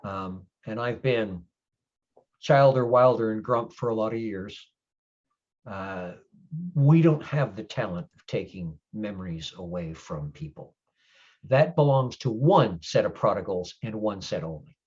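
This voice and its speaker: A man playing a gruff, grumpy older male changeling lord who speaks bluntly and swears in halting explanations. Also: fairly low pitch, animated, darkish tone, muffled recording. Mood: stern.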